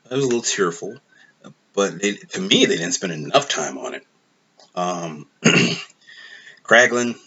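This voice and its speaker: Deep-voiced man rambling through a movie review. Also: bright, forceful tone, a little hiss or hum. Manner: rambling, frustrated, many fillers. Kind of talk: casual spoken film review. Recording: dull lo-fi recording.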